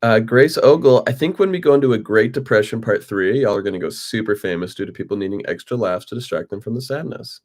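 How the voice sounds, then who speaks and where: A man's voice: on the low side, animated. Upbeat man co-hosting a livestream. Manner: upbeat, quick, self-promoting banter. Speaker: co-host of an improv livestream. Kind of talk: casual chat reading viewer comments.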